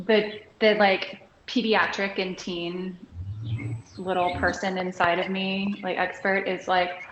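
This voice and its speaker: A woman's voice: medium pitch, steady tone, takes it slowly. A woman hosting a video-call interview, effusive and emotional with her guest. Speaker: host, coach. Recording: echoey room with background noise.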